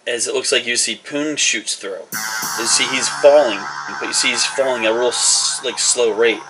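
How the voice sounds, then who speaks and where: A man's voice: medium pitch, moderate pace, over music, low-quality recording. A man narrating a tabletop game as game master, rambling through descriptions with fillers and restarts.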